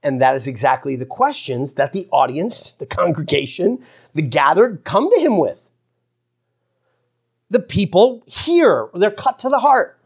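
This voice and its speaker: Guy preaching a sermon, kinda high voice, slows way down to stress stuff, trips over his words a lot. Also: very animated, breathy edge. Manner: earnest preaching with frequent restarts and stammers; shifts from slow emphatic phrases to quick asides. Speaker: pastor.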